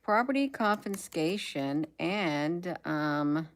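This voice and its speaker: A woman's voice: low voice, lively intonation, slow pace. A woman hosting a casual livestream, reading headlines aloud, musing to herself and trailing off with frequent ums. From United States. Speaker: livestream host.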